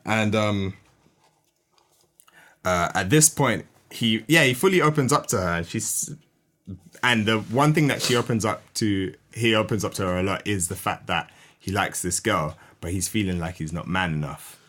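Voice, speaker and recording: A man hosting a podcast, casually retelling a story scene by scene with lively asides. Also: fairly low pitch, moderate pace. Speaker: podcast host. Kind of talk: animated storytelling, casual chat.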